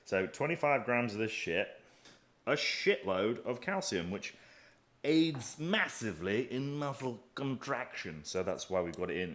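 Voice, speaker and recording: Deep-voiced guy in his 30s doing a casual kitchen vlog, bright punchy tone, swears a lot. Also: slight background noise. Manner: chatty, profane and offhand. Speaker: bodybuilding vlogger.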